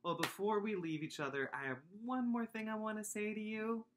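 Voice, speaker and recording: A woman's voice: mid-range voice, fairly even intonation, a little fast, background noise. A woman music teacher giving a playful online lesson to young children, teasing them and chanting rhythm syllables.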